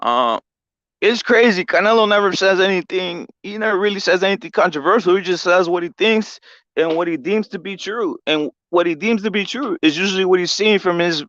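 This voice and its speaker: A man hosting a sports commentary show, talking in a loose, profane rant that repeats itself for emphasis. His voice sits a little high for a man. The recording sounds dull and dry. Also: no echo. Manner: profane, animated, repetitive. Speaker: show host.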